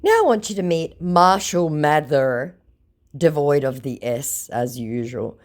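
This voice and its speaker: Sarcastic low-voiced woman reading chats. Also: expressive, a little slow. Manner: sarcastic, mocking. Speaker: scambaiter narrator. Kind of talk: reading chat logs aloud.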